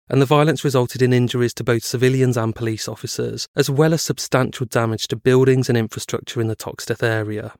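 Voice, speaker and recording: A man's voice: mid-range voice, smooth, no room sound, clean studio sound. A man co-hosting a podcast, reading a prepared true-crime script and breaking off for casual chat. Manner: reads prepared script, then chats with hedging fillers. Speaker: podcast co-host.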